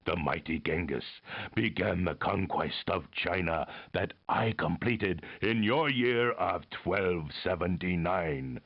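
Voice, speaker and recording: A man's voice: low voice, slow, highs cut off, exaggerated voice. An actor playing a pompous, haughty male emperor in a video game, speaking in a grandiose, commanding way.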